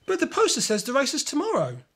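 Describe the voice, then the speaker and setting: A man's voice: extremely high pitch, wildly swooping pitch, quick pace, fairly bright tone, voice pushed up, full character voice. A man voicing a cautious, practical young boy in a storybook reading, with a raised, worried tone. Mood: doubtful.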